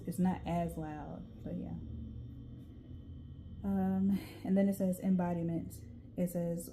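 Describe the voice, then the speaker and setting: A woman's voice: on the low side, warm tone. Chatty Southern-drawled woman reading tarot. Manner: chatty, reads card texts aloud, says y'all. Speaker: tarot reader. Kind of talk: casual tarot reading to camera. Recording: faint background noise.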